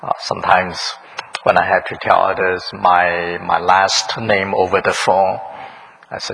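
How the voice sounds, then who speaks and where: A man's voice: deep voice, level tone, a little slow, creaky, pushed and bright, husky, poor audio. A man preaching a sermon in a church, questioning the congregation, repeating their answers and chuckling often. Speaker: pastor. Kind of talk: interactive sermon.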